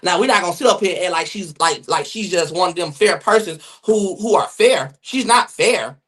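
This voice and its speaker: A man hosts a sassy livestream gossip show, reading the chat with plenty of attitude, talking rapidly, swearing, and addressing viewers directly. His voice sits high and is a bit bright and husky, captured on a phone or webcam mic.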